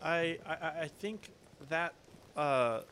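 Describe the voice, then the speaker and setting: A man's voice: fairly high pitch, animated, slow pace, very noisy. A man voicing a hesitant male thief adventurer who stammers and sounds unsure. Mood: wary.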